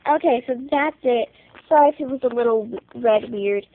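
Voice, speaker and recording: A woman's voice: a little high, slight background noise. A woman reading a picture book aloud on camera, stumbling and restarting, recorded on a handheld phone or camera. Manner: halting reading with frequent restarts and apologies. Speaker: book reader. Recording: thin phone-like dry sound.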